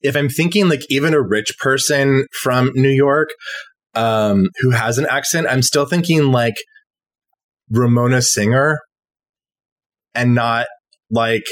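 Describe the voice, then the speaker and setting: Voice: medium pitch, a little slow, long pauses. A podcast co-host talking casually and thoughtfully about a movie, laughing often.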